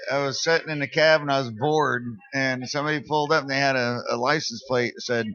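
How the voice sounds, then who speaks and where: A man's voice: medium pitch, bright, forceful tone, muffled recording. A man co-hosting a casual podcast, telling stories in a rambling, laid-back way. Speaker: podcast co-host. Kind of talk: casual chat.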